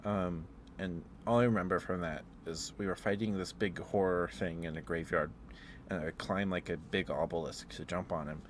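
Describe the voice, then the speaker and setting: A man in a soft-spoken ASMR ramble, telling meandering stories with fillers and chuckles. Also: deep voice, fairly even intonation, normal speed, a little hiss or hum. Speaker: ASMR streamer.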